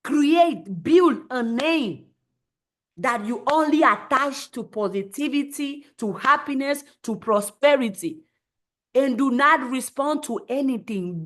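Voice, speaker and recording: Emphatic high-voiced woman giving a pep talk. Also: fairly bright tone. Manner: emphatic, repeats phrases for effect; acts out voices in quotes. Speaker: live stream host. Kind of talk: motivational live stream talk.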